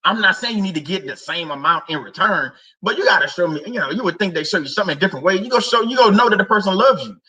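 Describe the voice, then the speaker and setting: A man with a high, very bright voice talks casually to his livestream audience. He jokes, laughs often and repeats himself in loose slang. The mic sits at some distance from him. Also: animated, very fast, few pauses. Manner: laughing, joking, slangy and repetitive. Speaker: host of a faith livestream. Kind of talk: casual livestream chat to viewers.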